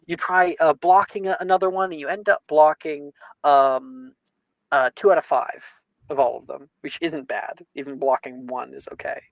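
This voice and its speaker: A young man running a tabletop game, narrating the action loosely with lots of fillers and shouted sound effects. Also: a little high, steady tone, normal speed, vocal fry, no echo. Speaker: game master.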